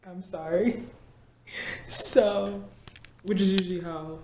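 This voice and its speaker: Chatty twenties woman vlogging at her work desk, lowish voice, roomy office sound. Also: steady tone, takes it slowly, warm tone, slight background noise. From Missouri. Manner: chatty, laughs often, mimics people. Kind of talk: casual chat. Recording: roomy office with faint ambience.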